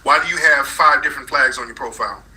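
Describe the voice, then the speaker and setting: A man's voice: mid-range voice, fast, pushed and bright, low-quality recording. A man hosting a live call-in talk room, combative and repeating his points insistently.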